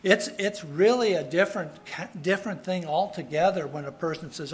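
A man's voice: fairly high pitch, normal speed, few pauses. A man preaching a sermon in an earnest way, repeating his key phrases for emphasis. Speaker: pastor.

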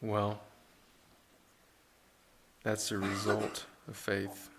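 A man's voice: lowish voice, completely flat delivery, drawn-out words, gravelly, very noisy. A man preaching a sermon in an earnest, conversational way, with rhetorical questions and frequent restarts.

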